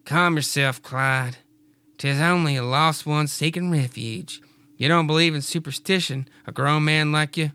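A man voicing a gentle, devoted young farm wife in a raspy falsetto with a put-on Scottish accent. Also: unhurried, dry recording. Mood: tender.

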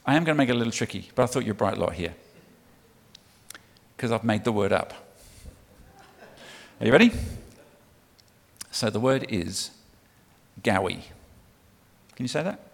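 A man's voice: lowish voice, lively intonation, moderate pace, creaky, long pauses. A man from the UK, preaching a sermon in a church in a conversational, punchy way and coaxing the congregation to answer back. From United Kingdom. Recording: long reverb of a large hall.

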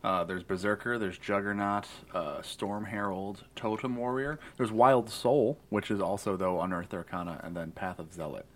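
A man's voice: fairly low pitch, fairly even intonation, normal speed, few pauses, fairly bright tone, a little hiss or hum. A man hosting a casual podcast chat, easygoing and a little hesitant as he guides a character build. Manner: easygoing, hesitant, many restarts. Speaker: podcast host guiding character creation. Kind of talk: casual chat about tabletop game planning.

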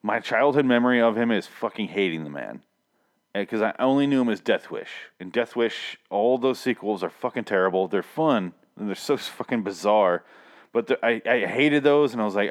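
A man's voice: on the low side, brisk. A man hosting a podcast, rambling in a casual, profane and jokey way. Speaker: podcast host. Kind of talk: casual chat.

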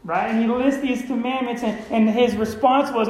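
A man's voice: very high-pitched, fairly even intonation, moderate pace, hardly any pauses, a little mellow, roomy sound, rough recording. A man preaching a sermon as pastor, conversational and often checking in with the congregation. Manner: conversational, keeps asking the congregation "right?".

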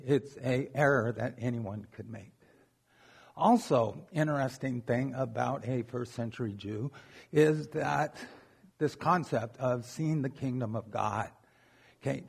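A man's voice: medium pitch, creaky, a little mellow, breathy edge. A man preaching a sermon in a conversational, joking way, often checking in with "okay?".

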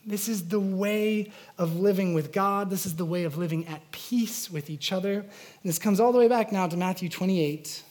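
A man's voice: high-pitched, normal speed, a little mellow. Earnest conversational male pastor. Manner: conversational, earnest, with frequent fillers and restarts. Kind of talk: sermon.

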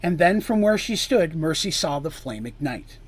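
A man reading a fantasy story aloud with drama, his voice sinking low and quiet on grim lines and lifting louder on tense ones. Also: sing-song, normal speed, slightly rough.

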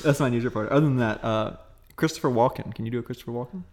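A man hosting a casual chat, talking in a relaxed, rambling way with laughs along the way. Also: medium pitch, racing.

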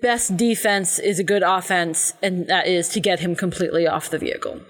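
A woman's voice: on the low side, moderate pace. A woman co-hosting a podcast, offering wry, dry remarks about a movie. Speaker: podcast co-host. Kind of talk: casual movie commentary.

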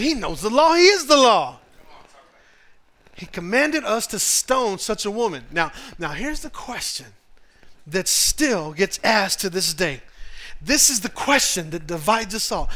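Male pastor, high voice, lively joking sermon to a church crowd. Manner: animated, humorous, conversational preaching. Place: church in front of a congregation.

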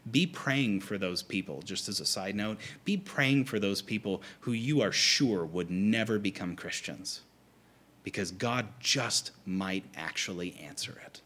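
Man preaching a lively sermon. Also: lowish voice, measured pace. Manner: conversational, animated, acts out quotes. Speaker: pastor.

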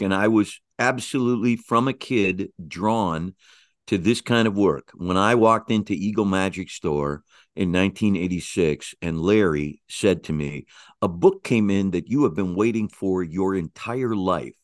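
A man's voice: on the low side, a little slow, dry recording, studio quality. A man talking as an interview guest, rambling and correcting himself as he tells stories. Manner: rambling, self-correcting, animated storytelling. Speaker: guest, magician. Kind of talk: conversational interview.

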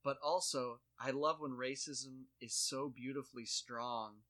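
A man's voice: medium pitch, unhurried. A man in his thirties chatting casually and joking, acting out quoted voices as he tells stories. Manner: animated storyteller, acts out quotes. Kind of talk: casual comedic chat.

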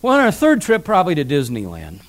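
Middle-aged guy preaching, pretty high voice, tells stories about his kids, repeats stuff for emphasis. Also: wildly swooping pitch, quick pace. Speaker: pastor. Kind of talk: sermon on parenting.

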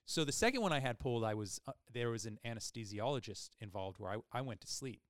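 A man hosting a podcast, telling a long personal story in a casual, animated way with many fillers. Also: medium pitch, fast talker, no echo, studio quality. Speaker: podcast host.

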